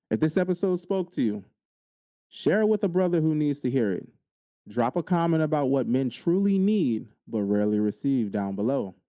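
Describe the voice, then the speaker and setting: A man's voice: mid-range voice, sing-song, moderate pace, mellow, no echo. A man hosting a podcast, speaking straight to his listeners in an earnest motivational monologue and repeating key lines for emphasis. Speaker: podcast host.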